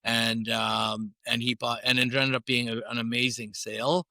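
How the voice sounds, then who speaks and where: A man's voice: medium pitch, level tone, normal speed, gravelly, pushed and bright, no room sound, studio quality. A middle-aged man, a sales coach being interviewed, telling stories in a rambling way with many restarts and "right?" tags. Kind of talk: storytelling interview answers.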